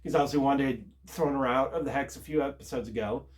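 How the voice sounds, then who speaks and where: A man casually recapping a TV episode, rambling and halting with lots of filler words. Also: mid-range voice. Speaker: TV show reviewer.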